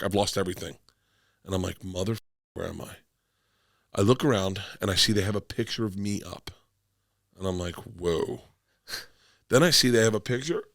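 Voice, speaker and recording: A middle-aged man from Florida, a comedian guest telling rambling stories loudly, swearing often and acting out what people said. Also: on the low side, no echo, clean studio sound. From Tampa, Florida. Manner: loud, rambling, swears often, acts out quotes. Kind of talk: casual storytelling.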